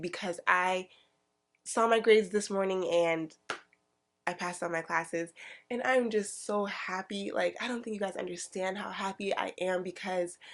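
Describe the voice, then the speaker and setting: A young woman in her twenties, a student vlogger, talking excitedly and emphatically about her faith in a casual vlog. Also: medium pitch.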